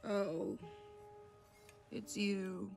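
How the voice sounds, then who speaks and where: An actress voicing a timid, hopeless young woman in a video game, speaking quietly and hesitantly. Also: medium pitch, little pitch movement, very slow, vocal fry. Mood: despondent. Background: game music.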